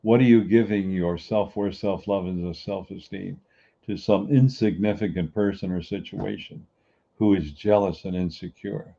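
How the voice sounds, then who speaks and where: A man's voice: low voice, steady tone, moderate pace, gravelly, dark tone. A middle-aged man hosting a podcast, giving an earnest, repetitive motivational talk in a preachy manner. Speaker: podcast host. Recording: dull lo-fi recording.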